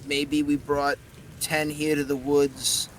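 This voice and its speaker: A man's voice: fairly high pitch, little pitch movement, slow pace, a bit bright, a little hiss or hum. A man voicing the spirit of a dead werewolf speaking through its skull, coarse, swearing and pained.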